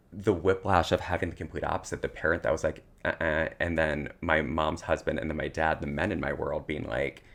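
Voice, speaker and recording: Gravelly low-voiced man telling stories. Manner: emotional, tearful at times, animated storytelling. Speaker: podcast co-host. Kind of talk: casual chat, personal storytelling.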